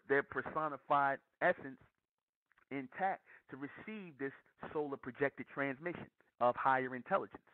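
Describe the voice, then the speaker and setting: A man preaches in a fairly high voice, pressing his points and repeating lines for weight. The sound is dry and thin, like a phone line. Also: no room sound. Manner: emphatic, repeats lines for stress. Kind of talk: preaching monologue. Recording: dry tinny phone-like audio.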